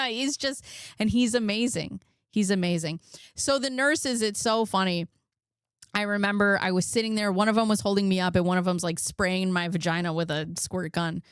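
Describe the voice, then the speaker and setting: A woman's voice: lowish voice, steady tone, normal speed, smooth, no room sound, clean studio sound. A woman in her thirties hosting a commentary channel, telling candid personal stories in a chatty, casual way and reading out case notes.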